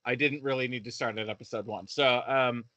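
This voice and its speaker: A man's voice: medium pitch, fairly even intonation, brisk, bright, forceful tone, no room sound, dull audio. A man co-hosting a review podcast, ranting in casual chat with lots of profanity and stop-start restarts. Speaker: podcast co-host reviewing shows.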